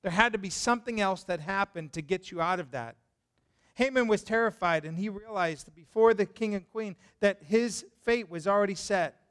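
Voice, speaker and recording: Smooth and high in register, the pastor's voice moves at a normal speed as he preaches. He narrates a Bible story in a spirited, conversational way, stopping to question his listeners.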